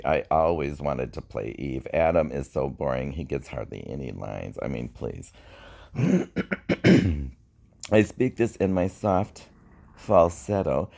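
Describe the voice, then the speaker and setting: A man reading his own spoken-word poetry in a slow, wry, reflective way. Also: a bass voice, vocal fry, mellow. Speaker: poet.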